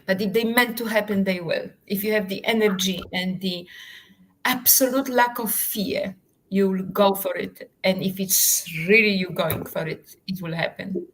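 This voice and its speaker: A woman's voice: mid-range voice, normal speed, a bit bright, rough recording. Theatrical woman telling a story. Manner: dramatic storyteller, emphatic and theatrical; slightly non-native English phrasing. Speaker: author and actress, guest. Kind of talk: animated anecdote in a live interview.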